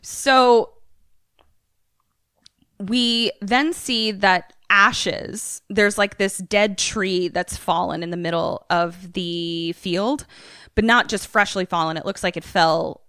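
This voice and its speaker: A young woman podcast co-host recapping a movie in casual, animated, profane storytelling. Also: medium pitch, takes it slowly, clean tone, dry recording, clean studio sound.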